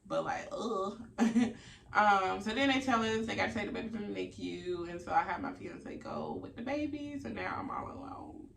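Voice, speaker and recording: A woman vlogger telling a story in a casual, theatrical, animated way, swearing freely. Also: mid-range voice, moderate pace, creaky, a little hiss or hum. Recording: echoey room, distant mic.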